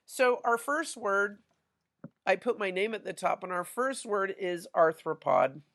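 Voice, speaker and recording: A woman's voice: mid-range voice, expressive, a little slow, a bit bright. A middle-aged woman teacher, chatting through a classroom lesson with stories and many fillers. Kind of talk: casual classroom lesson with anecdotes.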